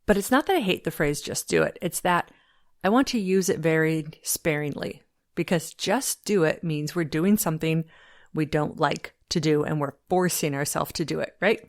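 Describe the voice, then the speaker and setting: A woman's voice: low-pitched, normal speed. A woman hosting her own fitness podcast, telling a story in an upbeat, chatty way with frequent fillers. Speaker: podcast host. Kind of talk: casual solo podcast talk.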